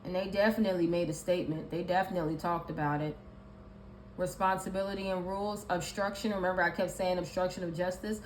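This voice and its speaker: A woman's voice: fairly low pitch, steady tone, quick pace. Emphatic woman giving a tarot reading. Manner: emphatic and repetitive, listing card meanings. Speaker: tarot reader. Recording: echoey room with faint ambient noise.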